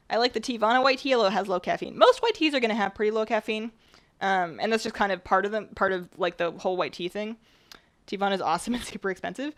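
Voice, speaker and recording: A woman chatting casually while she bakes on a stream, rambling a bit, her voice slightly rough at the tail end of a cold. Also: medium pitch, a bit bright. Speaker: baking streamer. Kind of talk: casual chat while baking.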